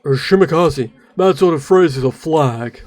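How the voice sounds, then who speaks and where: A man with an English accent voicing a calm, matter-of-fact young ship girl in game dialogue. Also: fairly high pitch, moderate pace, natural voice. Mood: dry.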